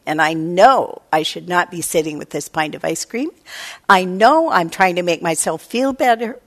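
Slow, reflective woman giving a dharma talk. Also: fairly low pitch. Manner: reflective, unhurried, quotes her own inner voice. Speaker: meditation teacher. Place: meditation hall.

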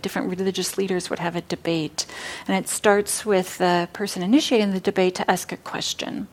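A woman giving a dharma talk at a meditation center, telling a teaching story with frequent pauses and fillers. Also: lowish voice. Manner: warm storytelling, hesitant fillers.

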